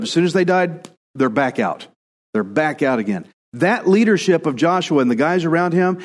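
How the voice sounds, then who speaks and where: Man preaching in a reverberant church hall. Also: fairly high pitch. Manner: conversational preaching, acts out quoted voices. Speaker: pastor. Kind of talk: sermon.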